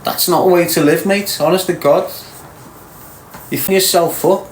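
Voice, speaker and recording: A man's voice: high-pitched, fairly even intonation, moderate pace, reverberant, a little hiss or hum, rough recording. A man from Liverpool with a Scouse accent, hosting a live stream and lecturing his viewers bluntly. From Liverpool, England. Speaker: podcast host.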